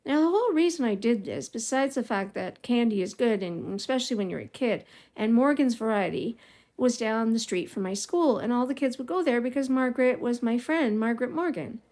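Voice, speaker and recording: A woman's voice: a little high, expressive, brisk, a little mellow. Rambling middle-aged woman telling a story. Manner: rambling and digressive, with frequent small laughs. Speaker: vlogger. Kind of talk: casual personal storytelling.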